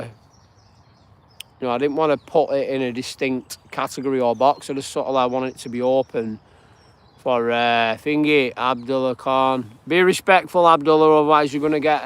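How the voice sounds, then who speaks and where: A man from northwest England with a northern accent hosts a live stream while walking his dog outdoors, chatting casually, rambling, and greeting viewers by name. His medium-pitched voice has a clean tone.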